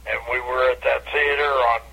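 Gravelly older man telling stage stories. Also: fairly quick, low-quality recording. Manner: animated anecdote teller, bursts into high catchphrase. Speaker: comedian guest. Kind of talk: casual radio interview storytelling.

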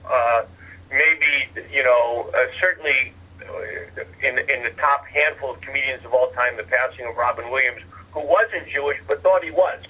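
A man's voice: medium pitch, moderate pace, slightly rough. A male comedian being interviewed on radio, bantering with wry, incredulous humor. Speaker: guest comedian. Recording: tinny phone line.

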